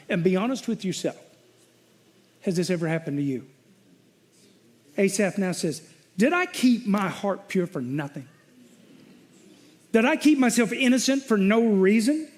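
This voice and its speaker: Preaching in a high voice, a middle-aged pastor tells a personal story in his sermon, alternating between bursts of loud venting and calm reflection.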